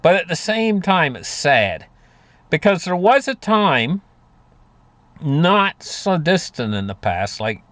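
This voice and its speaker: Rambling man, lively pitch. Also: slow pace, dry recording. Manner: rambling, folksy, many fillers and restarts. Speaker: market commentator. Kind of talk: casual monologue on finance.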